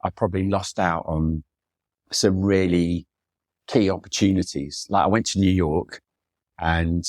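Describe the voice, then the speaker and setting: Middle-aged guest, low voice, dry close sound, enthusiastic storyteller. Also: male voice, steady tone, measured pace, darkish tone, no room sound. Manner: enthusiastic, chatty anecdotes with acted quotes. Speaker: photographer guest. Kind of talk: storytelling conversation.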